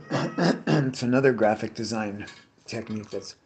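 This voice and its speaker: A man's voice: lowish voice, takes it slowly, a little hiss or hum. A middle-aged man chatting casually and swearing a lot while he rants about old bosses and work crews. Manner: profane, ranting storyteller. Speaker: vlogger cutting bottles. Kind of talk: casual rambling chat. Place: tree care worker.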